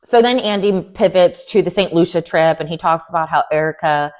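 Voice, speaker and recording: A young woman with a sassy, animated manner, giving an opinionated recap of a reality TV show. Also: fairly low pitch, fairly quick. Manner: animated, sassy, lots of "like" and "girl". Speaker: recap vlogger.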